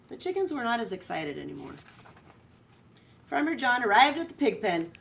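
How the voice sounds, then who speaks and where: Teacher reading a storybook aloud, distant mic. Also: female voice, a little high, moderate pace, creaky. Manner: expressive read-aloud, voice rising for excitement. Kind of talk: storybook read-aloud to students. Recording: distant from the microphone.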